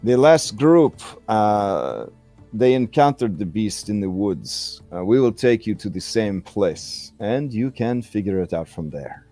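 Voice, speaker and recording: A man's voice: lowish voice, sing-song, a little slow, warm tone, faint music behind. A man running a tabletop game as game master, narrating in a chatty way full of fillers and jokey asides.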